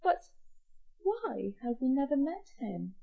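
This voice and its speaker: A woman voicing a gracious, curious queen in a slow storybook reading. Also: sits high, big pitch swings, vocal fry, husky, narrow, tinny audio, pitched above the performer's own voice, exaggerated voice.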